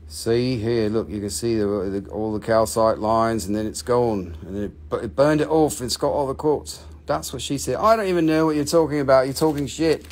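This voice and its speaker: A man's voice: mid-range voice, normal speed, few pauses, darkish tone. A man hosting a live online mineral sale from his shop, chatting casually, joking and swearing freely as he rambles. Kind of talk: casual live-stream selling chat.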